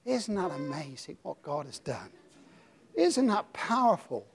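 A man's voice: high-pitched, big pitch swings, measured pace, creaky, slight background noise. Dramatic British preacher, older man. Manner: dramatic, swings from hushed to shouting. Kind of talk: sermon.

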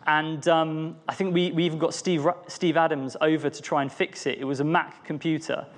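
A man's voice: fairly high pitch, level tone, fairly quick. A young man giving an earnest, personal devotional talk, often restarting his phrases. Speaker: preacher.

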